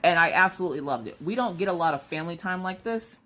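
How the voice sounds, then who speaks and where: Woman, young adult, casual host at home; animated storyteller who plays her own quotes higher. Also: quick pace. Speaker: crafting channel host.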